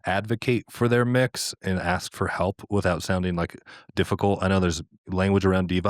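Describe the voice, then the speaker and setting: A man hosting a podcast, agreeing warmly and asking structured questions about leading worship. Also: low-pitched, normal speed, no echo, studio quality. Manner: affirming, asks structured questions. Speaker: podcast host and worship leader. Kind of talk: casual podcast conversation.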